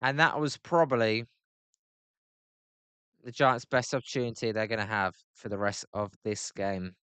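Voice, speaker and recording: British male streamer, casual play-by-play, smooth clear voice, dry close sound, gripes and chats with viewers. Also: fairly low pitch, fairly even intonation, moderate pace, fairly bright tone, no room sound. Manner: chatty, answers chat by name, grumbling. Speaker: live-stream host. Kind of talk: casual live play-by-play reaction.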